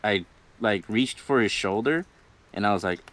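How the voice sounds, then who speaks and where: A man's voice: on the low side, normal speed, fairly bright tone. A young man casually telling a personal ghost story on a livestream, rambling, swearing freely and laughing between lines. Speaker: guest storyteller.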